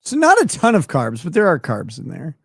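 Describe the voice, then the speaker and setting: A man's voice: on the high side, huge pitch swings, brisk, gravelly, fairly bright tone, husky, no echo, clean studio sound. A man co-hosting a casual livestream, teasing his partner with profane banter and mock cross-examination. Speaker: livestream co-host.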